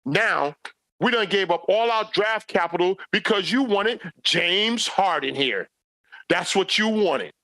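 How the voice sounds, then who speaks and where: Animated high-voiced man ranting. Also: a little slow, no room sound. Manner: ranting, mocks players in quoted voices. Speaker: podcast co-host. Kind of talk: animated sports debate.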